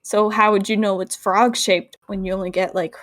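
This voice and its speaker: A woman co-hosting a casual cartoon recap, playful and prone to excited outbursts. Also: medium pitch, moderate pace, no room sound. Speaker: podcast co-host.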